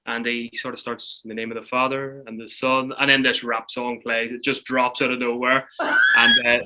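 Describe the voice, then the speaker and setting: A radio breakfast presenter chatting casually about quirky news, laughing often and getting excited. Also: male voice, medium pitch, low-quality recording. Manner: giggly, excitable, quick to laugh. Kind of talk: casual chat.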